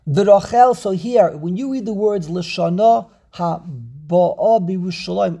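A man leads an online scripture class over a video call, his voice slow, gravelly and husky. He stresses each point, repeats it and punctuates with "okay". The tone is dark and mellow. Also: high voice. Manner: emphatic, repeats key points, frequent "okay". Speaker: Torah teacher.

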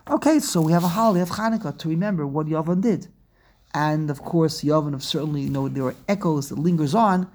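A man teaching a scripture study class, reading phrases aloud, translating them, and explaining step by step with restarts and asides to his students. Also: on the high side.

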